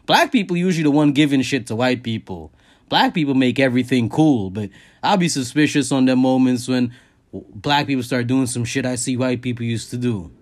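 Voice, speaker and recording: A man hosting a podcast, ranting casually and profanely, jumping up high in pitch to stress his points. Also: a little fast. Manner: profane, animated, jumps high in pitch for emphasis. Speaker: podcast host. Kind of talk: casual comedic rant.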